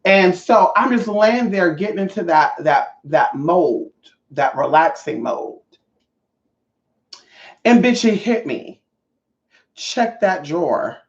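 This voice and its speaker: Animated, foul-mouthed woman telling a story. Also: fairly low pitch, slow, slight background noise. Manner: animated, profane, talks straight to viewers. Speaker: vlogger. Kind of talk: casual storytime monologue. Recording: roomy, slightly dull audio.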